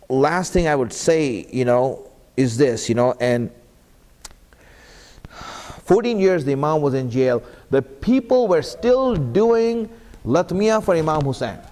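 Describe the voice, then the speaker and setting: A man with a high, darkish voice preaches earnestly at a mosque, addressing repeated questions to the congregation. He speaks for an Islamic center, and the mosque hall lends the recording a long reverb.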